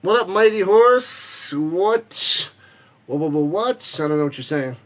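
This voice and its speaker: A man with a very high voice streams a live football watch party, rambling and joking in a relaxed way. He reads viewer comments aloud in between brisk play-by-play calls, and his delivery is expressive.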